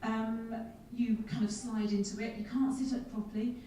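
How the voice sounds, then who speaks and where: In a large conference hall, a woman with a slightly high voice gives a humorous keynote at a moderate pace, a lively storyteller full of self-mocking comic asides. Faint music plays behind her. The hall is echoey and she stands far from the mic.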